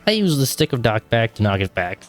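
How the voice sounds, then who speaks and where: A man running a tabletop game as game master, giving rulings in a teasing, deadpan way. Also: medium pitch, quick pace, soft background music. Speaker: dungeon master.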